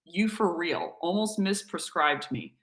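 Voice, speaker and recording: A woman's voice: fairly low pitch, unhurried. A woman hosting a live webinar, telling a story with energy and acting out the dialogue. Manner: energetic, candid, acts out quoted dialogue. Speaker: webinar host. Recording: echoey room.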